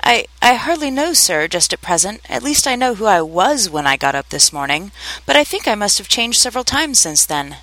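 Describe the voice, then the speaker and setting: A woman's voice: medium pitch, very animated, a little fast, fairly bright tone, no echo, voice pushed up, poor audio. A woman voicing a polite, shy and bewildered little girl, speaking hesitantly in a storybook reading.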